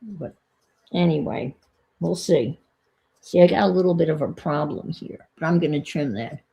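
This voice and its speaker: A woman's voice: low-pitched, moderate pace, vocal fry, dark tone. A woman chatting casually on her vlog, telling an exasperated story and thinking aloud as she works on a craft. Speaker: vlogger. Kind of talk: casual chat while crafting.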